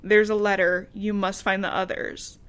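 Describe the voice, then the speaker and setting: A woman's voice: medium pitch, level tone, moderate pace, a bit bright, lightly acted. A woman reading a dying male guardian. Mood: tender farewell.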